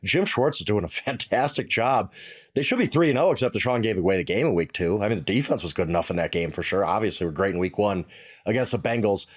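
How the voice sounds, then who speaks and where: A middle-aged man co-hosting a casual sports analysis chat, emphatic and exasperated, thinking out loud. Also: lowish voice, animated, fast.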